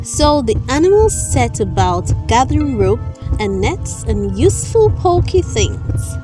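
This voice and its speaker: Brief: woman reading a children's storybook aloud, high and animated in pitch, over loud background music. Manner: slow, expressive storytelling. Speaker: storybook reader. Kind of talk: children's read-aloud narration.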